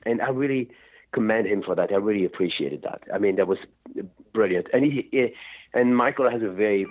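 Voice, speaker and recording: A rock singer with a lowish voice talks fairly quickly in a radio interview over the phone, rambling and laughing often. The sound comes through a tinny phone line.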